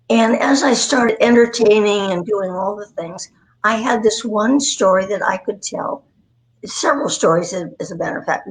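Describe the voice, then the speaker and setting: A woman's voice: mid-range voice, low-quality recording. A woman in her nineties telling rambling, self-deprecating stories from her career as a guest on a livestream. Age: 90s. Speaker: guest, voice actress. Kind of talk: storytelling interview. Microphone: remote livestream call.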